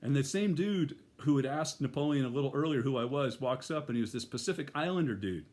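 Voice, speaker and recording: A man's voice: mid-range voice, expressive, quick pace, a little mellow. A middle-aged man telling a personal story in a casual, rambling way, full of fillers and restarts.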